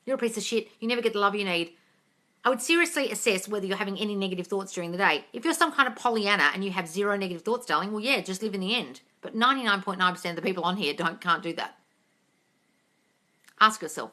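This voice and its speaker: A woman's voice: medium pitch, fast, sharp tone. A woman hosting a livestream Q&A, answering viewer questions in a blunt, profane, exasperated way and calling listeners darling.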